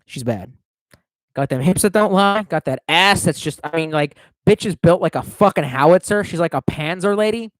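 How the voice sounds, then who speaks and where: A man's voice: a little high, animated, normal speed, no echo. A young man streaming, telling a long rambling story in casual, profane talk.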